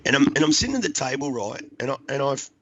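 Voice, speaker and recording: A man's voice: medium pitch, very animated, fast, fairly bright tone, husky, dry recording, lo-fi sound. An Australian man, a podcast guest, tells his life story bluntly and emphatically, swearing often and dropping in "mate" and "right?". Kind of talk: personal storytelling.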